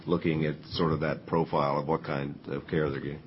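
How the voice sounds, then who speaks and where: Deep-voiced halting man at a panel. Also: little pitch movement, lo-fi sound, a little hiss or hum. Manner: halting, many fillers. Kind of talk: panel discussion.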